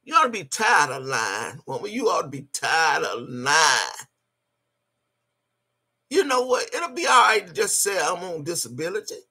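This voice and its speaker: Gravelly, profane woman ranting on a live stream. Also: low-pitched, big pitch swings, measured pace, long pauses, sharp tone. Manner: profane, scolding, mocking, laughs often. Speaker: livestream host. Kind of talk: live-stream rant answering chat.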